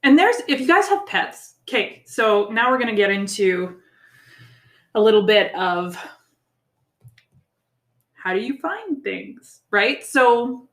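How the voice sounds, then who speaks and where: A woman's voice: fairly high pitch, a bit bright. A woman co-hosting a podcast in casual chat, frank and upbeat, swearing freely. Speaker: podcast co-host. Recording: roomy echo.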